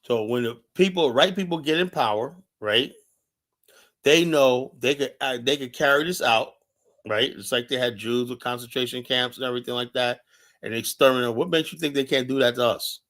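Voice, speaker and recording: Male stream host, mid-pitched, impassioned rant, repetitive, filler-heavy. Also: normal speed, a bit bright. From United States. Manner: urgent, emphatic, repeats himself with many fillers. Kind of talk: impassioned monologue commentary.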